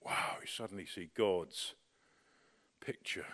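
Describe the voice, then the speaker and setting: A middle-aged man telling a personal story in a casual, anecdotal way, animated and full of restarts. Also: low-pitched, slow. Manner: animated, with restarts and bursts of excitement. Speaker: storyteller recounting personal experience.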